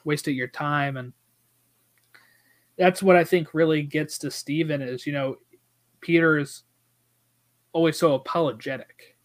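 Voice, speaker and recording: A man's voice: on the high side, unhurried, long pauses. A man casually discussing a movie, retelling scenes and acting out the characters' lines. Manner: animated, acts out quoted dialogue. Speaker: podcast co-host.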